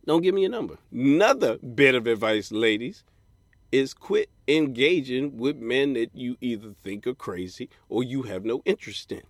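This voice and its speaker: A man's voice: medium pitch, animated, normal speed, dry recording, studio quality. A man hosting a podcast, giving blunt, profane dating advice in a comedic solo rant and mocking people in put-on voices. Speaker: podcast host.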